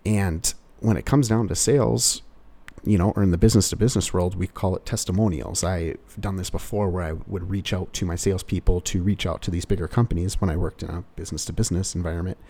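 Rambling man with a mellow voice. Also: deep voice, steady tone, quick pace. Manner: rambling, full of "you know" fillers. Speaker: car salesperson. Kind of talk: casual sales advice monologue.

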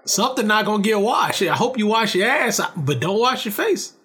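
A man in an easygoing podcast conversation, his voice sitting a touch higher than most. He stumbles through restarts as he explains himself and peppers his talk with profanity. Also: very animated, normal speed, fairly bright tone. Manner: stammering restarts, profane, explains with "you know what I'm saying". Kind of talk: casual chat.

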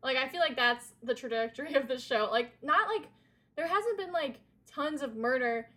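A woman's voice: high voice, moderate pace, sharp tone. Giggly young woman rambling in casual chat. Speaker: podcast co-host.

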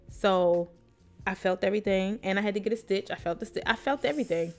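A young woman co-hosting a podcast, speaking in a frank, unfiltered way. She swears freely and slips into quick impressions of the people in her story. Faint music plays underneath. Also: medium pitch. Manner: blunt, swears freely, acts out quotes of nurses and herself. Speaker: podcast co-host. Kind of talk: candid personal storytelling.

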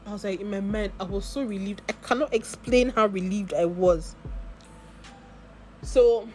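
A woman's voice: medium pitch, moderate pace, dark tone, slight background noise. A woman with a Nigerian accent, telling a long story in a casual vlog and full of asides and acted-out dialogue. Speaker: vlogger.

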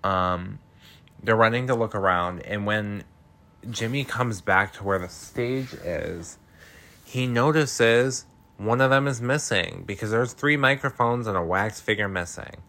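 A man's voice: lowish voice, measured pace, pushed and bright. A man casually recapping a film, chatty and laughing, swearing freely with many "um"s.

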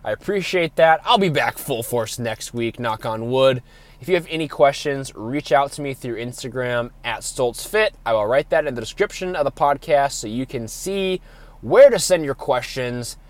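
A man hosting a solo fitness podcast, hoarse from being sick, talking in an energetic, announcer-like way with many fillers. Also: medium pitch, moderate pace. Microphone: podcast microphone.

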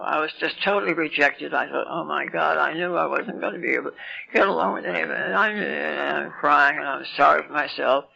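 At a recovery meeting, a woman in her eighties shares her life story in a deeply gravelly voice with a bright, sharp edge. She rambles and makes fun of herself with wry asides. The audio is dull and lo-fi, like an old tape of a meeting.

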